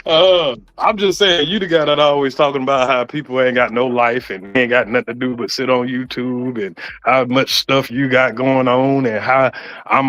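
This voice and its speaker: This man, an online content creator, has a medium-pitched, slightly bright voice. He argues in a casual, heated style, sarcastic and mocking, frequently saying the same things again, on dull lo-fi audio with music faintly audible.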